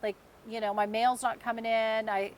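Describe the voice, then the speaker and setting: An American woman in her fifties co-hosts a casual podcast and tells a long personal story. She acts out the people in it and laughs along the way. Her voice sits a little high, with a faint background hum. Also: flat delivery, normal speed. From United States. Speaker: podcast co-host.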